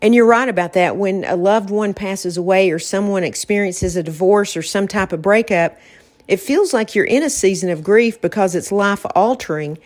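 A woman's voice: mid-range voice, moderate pace, a little mellow. A woman hosting a podcast, talking in a reflective, casual way about faith and getting through hard times. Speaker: podcast host.

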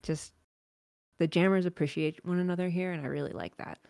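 A woman's voice: lowish voice, fairly even intonation, a little fast, a little mellow, no echo, clean studio sound. A woman, a roller derby skater, chatting as a podcast guest, with many filler words. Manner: chatty, frequent likes and ums. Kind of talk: casual podcast interview.

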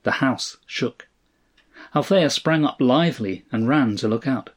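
A man narrating a science fiction story, reading in a steady, measured way. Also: mid-range voice. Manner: steady, measured reading, voicing each character.

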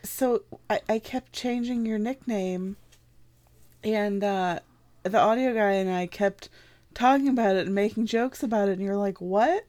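Woman, podcast co-host, playful teasing chat, quick to laugh. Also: medium pitch, darkish tone.

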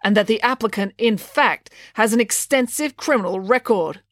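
A woman's voice: on the high side, normal speed, fairly bright tone, dry recording, clean studio sound, voice pushed up, close to an everyday voice. A woman reading an audiobook voices a stiff male immigration officer who speaks in a formal, bureaucratic way. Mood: officious.

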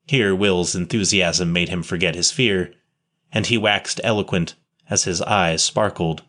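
A man reading an old story aloud in a measured, earnest way. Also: low voice, fairly even intonation, bright, forceful tone. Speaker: narrator.

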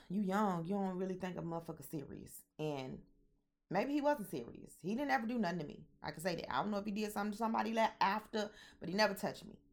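A woman's voice: low-pitched, vocal fry. A young woman with a mixed Southern and Midwestern American accent, telling a personal story candidly and animatedly to her viewers, often swearing. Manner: candid, animated, profane, addresses viewers directly. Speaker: vlogger.

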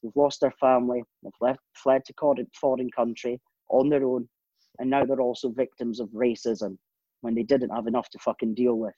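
A man's voice: medium pitch, little pitch movement, normal speed, mellow, no echo, muffled recording. A man giving an earnest, emphatic personal monologue as host, with profanity and stumbles.

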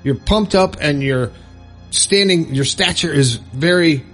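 Male self-help host, earnest and coaching, slightly high voice, light music bed. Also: a little slow, a bit bright. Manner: earnest, coaching, checks in with "okay?". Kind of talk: motivational advice talk.

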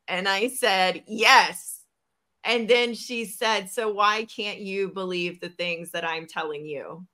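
Female podcast host, unhurried delivery, bright voice, lively storyteller who voices the people in her story. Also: medium pitch. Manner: animated, acts out quoted dialogue. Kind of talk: storytelling in casual chat.

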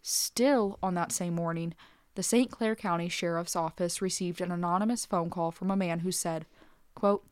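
A woman with a slightly low voice co-hosting a true crime podcast. She reads narration steadily and chats in a relaxed, easygoing way. The sound is close and dry. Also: normal speed, clean tone, no echo. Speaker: podcast co-host.

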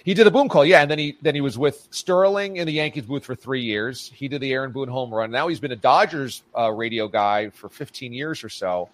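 A man guesting on a sports talk show speaks with emphatic, punchy repetition at a middle pitch. His voice is dry and close, with no room sound around it. He keeps a casual, easygoing radio chat going. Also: a little fast, few pauses, dry recording. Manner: emphatic, repeats phrases for punch.

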